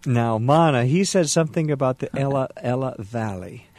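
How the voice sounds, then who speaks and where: A man's voice: medium pitch, normal speed, darkish tone, no room sound. Radio host man, dry studio. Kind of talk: radio interview.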